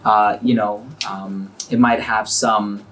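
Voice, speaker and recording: A man's voice: on the low side, little pitch movement, takes it slowly, a bit bright, a little hiss or hum. A man hosting a casual interview, explaining things in a friendly way with fillers like "you know". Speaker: host and perfume brand founder.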